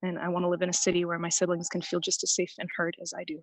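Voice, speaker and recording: A woman's voice: fairly low pitch, monotone, racing, no echo, low-quality recording. Woman, public commenter, earnest, slightly breathless, level tone, dry sound. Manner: earnest, prepared statement. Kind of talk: public comment at a council meeting. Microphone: remote call-in.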